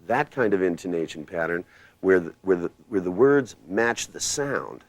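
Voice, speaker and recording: Low-voiced man teaching hypnosis, emphatic. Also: animated, normal speed, no echo. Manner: emphatic, commanding, swings pitch and loudness to demonstrate; blunt, casual, occasional swearing. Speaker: hypnosis trainer. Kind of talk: live workshop lecture.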